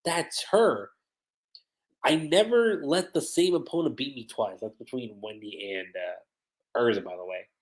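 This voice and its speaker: A man's voice: mid-range voice, moderate pace, low-quality recording. A man giving a casual livestream review of an anime episode, retelling scenes and quoting the characters.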